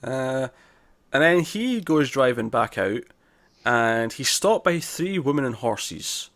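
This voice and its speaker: A man co-hosting a casual TV review podcast, talking in an animated, exasperated way and swearing now and then. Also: mid-range voice, slow pace, dry recording. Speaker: podcast co-host.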